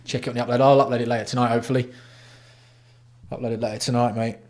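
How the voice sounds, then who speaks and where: A man's voice: medium pitch, level tone, racing, darkish tone. Sweary, blunt man chatting on a livestream. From England. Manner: blunt, sweary, banters with chat. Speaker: livestream host. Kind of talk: casual livestream chat.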